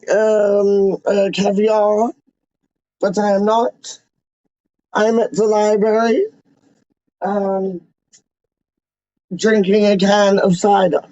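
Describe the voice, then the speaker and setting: A man hosting a livestream as a self-styled, snobbish Englishman, rambling slowly in pompous rhyming nonsense. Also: high voice, dark tone, dry recording. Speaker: livestream host. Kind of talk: comic in-character livestream ramble. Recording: dull, lo-fi, dry sound.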